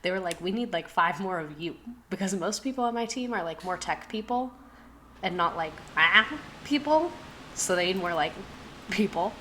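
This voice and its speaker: A woman in her twenties hosting a casual live stream, talking very fast and gasping for air between phrases. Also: lowish voice, a bit bright, a little hiss or hum, poor audio. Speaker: streamer host. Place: home streaming setup.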